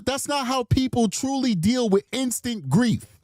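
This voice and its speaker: A high, lively male voice swings widely as he riffs on the case. His commentary is emphatic and scornful, and the sound is dry and close-miked. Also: normal speed, dry recording. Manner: emphatic, mocking, mimics people in bursts. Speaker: true crime stream host. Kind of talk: animated live-stream commentary.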